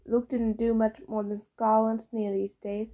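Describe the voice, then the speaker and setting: A woman narrating a fantasy novel as an audiobook reader, in a steady storytelling read. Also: fairly high pitch, unhurried.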